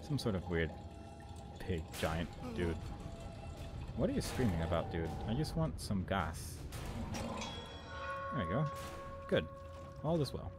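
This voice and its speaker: Low-voiced man rambling over a game. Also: big pitch swings, slow, pauses often, loud music behind the voice. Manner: rambling, amused, talks to the game. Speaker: let's play commentator. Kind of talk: casual gameplay commentary.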